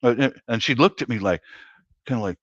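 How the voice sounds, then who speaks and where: Middle-aged male storyteller, chatty and quick to laugh, dull lo-fi dry audio. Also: mid-range voice, no echo. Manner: laughs often at his own stories. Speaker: guest telling stories. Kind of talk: casual storytelling chat.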